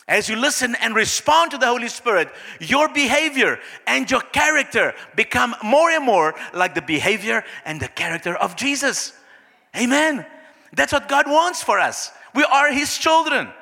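A man preaching a sermon as pastor, acting out little scenes in soft, low voices. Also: vocal fry. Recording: long hall reverb.

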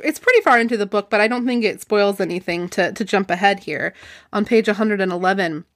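A woman's voice: medium pitch, fairly quick. A woman hosting a casual book discussion, chatting and reading passages aloud. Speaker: podcast host.

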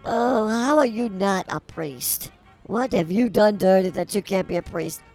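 Someone playing an older woman, husky, gravelly, rambling, theatrical, comedy podcast, faint music behind. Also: mid-range voice, animated, a little slow. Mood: gushing. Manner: rambling, theatrical, swings to shouting.

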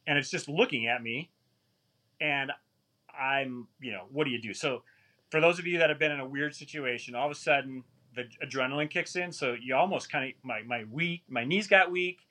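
Male guest storyteller, middle pitch, bright tone, animated and self-deprecating. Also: normal speed. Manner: animated, rambling, self-mocking. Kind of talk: casual storytelling.

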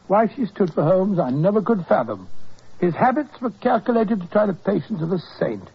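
Proper doctor, clipped speech, husky highish voice, muffled old broadcast. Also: male voice, lively intonation, moderate pace, heavily acted. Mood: narrating. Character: steady male doctor narrator, brisk and proper. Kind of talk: 1940s radio acting. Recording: dull old radio broadcast.

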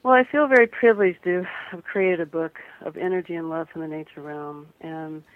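A woman from the American Midwest, a guest photographer and author, speaking earnestly and gently with some restarts in a radio interview. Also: lowish voice, a little fast. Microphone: phone. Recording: tinny phone line.

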